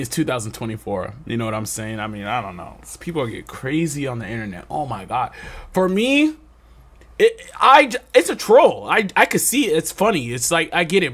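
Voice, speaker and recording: Reaction host, male, lively and bouncy delivery, slightly high voice, laughs often. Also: breathy edge. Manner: excitable, laughs often, animated outbursts. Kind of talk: casual reaction commentary. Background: hip hop music playing.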